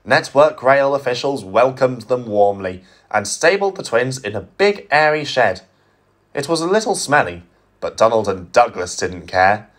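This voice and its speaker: A man narrating a fan-made storybook tale in an expressive storytelling voice. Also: medium pitch, a little slow.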